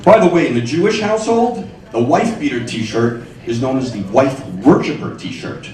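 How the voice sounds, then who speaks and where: A man in his forties doing a stand-up set in a comedy club, wry and punchy, with sudden high squeals on his punchlines. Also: expressive, moderate pace, a little mellow. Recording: echoey club sound from far off.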